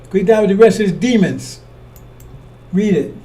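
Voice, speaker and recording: Preacher, male, high voice and mellow tone, accusatory and repetitive, recorded from a distance. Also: normal speed, a little hiss or hum. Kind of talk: fiery scripture commentary.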